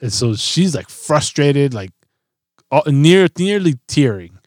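A man's voice: on the high side, slow, no room sound. A middle-aged man telling a story in a casual chat, swearing freely and acting out quotes. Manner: profane, animated storytelling with voiced quotes. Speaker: podcast co-host.

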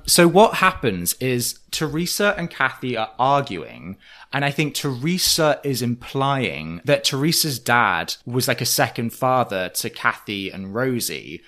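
Animated young male podcast host. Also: medium pitch, a little slow. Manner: animated, jokey, acts out quotes. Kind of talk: casual chat.

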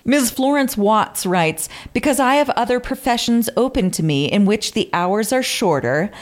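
A woman's voice: fairly high pitch, animated, moderate pace. A woman co-hosting a podcast, reading old quotes aloud with theatrical flourish and amused asides in casual chat. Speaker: podcast co-host.

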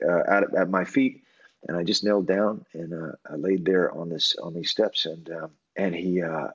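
A man with a low voice tells a long personal story as a guest. He talks in an earnest, halting way, full of restarts and fillers. The sound is dull and lo-fi. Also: slightly rough.

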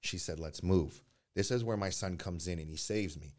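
A man with a deep, low-pitched voice shares his own life story as a guest in a conversation. He is candid and earnest, often stopping and restarting his sentences. He drops to a soft voice through the hardest parts. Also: moderate pace. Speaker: podcast guest.

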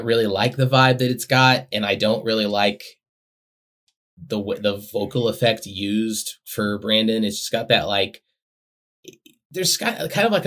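A man co-hosting a podcast in casual chat, excitable and quick to laugh, swearing casually. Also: fairly low pitch. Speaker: podcast co-host.

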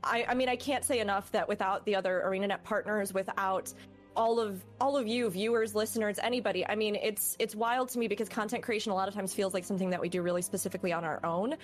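A woman's voice: mid-range voice, steady tone, fast talker, faint music behind. A woman guest on a casual podcast chat, effusive and earnest, with some teasing. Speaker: podcast guest and content creator.

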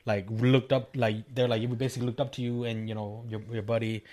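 A man's voice: mid-range voice, level tone, quick pace, darkish tone. Laughing, rambling man telling a story. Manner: rambling, laughing, profane retelling with quoted voices. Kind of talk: casual chat.

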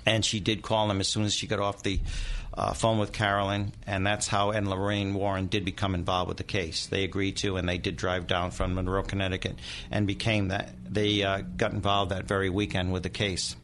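Low-voiced man telling a dramatic story. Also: little pitch movement, a little fast, a bit bright, slight background noise. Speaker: guest demonologist. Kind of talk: storytelling interview.

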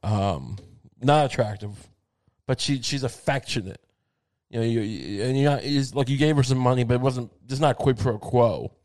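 A man's voice: mid-range voice, normal speed, darkish tone. A man with a mid-range voice riffs through a profane, meandering comedic monologue. He stumbles over restarts and slips into mock voices for quoted characters, keeping a loose, offhand podcast tone. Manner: rambling, profane, stammering restarts; acts out quoted voices in bits.

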